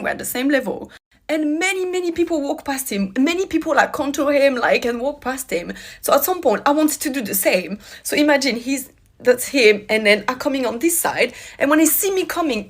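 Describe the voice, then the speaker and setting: Animated woman telling a storytime vlog. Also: sits high. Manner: animated, retelling a street confrontation with rising indignation.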